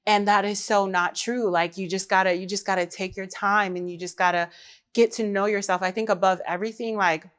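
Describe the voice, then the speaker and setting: A woman's voice: medium pitch, steady tone, moderate pace, fairly bright tone. Lady in her 30s talking straight to her viewers, open and chatty. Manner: chatty, candid, addresses viewers directly. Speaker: vlogger. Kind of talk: casual chat to camera.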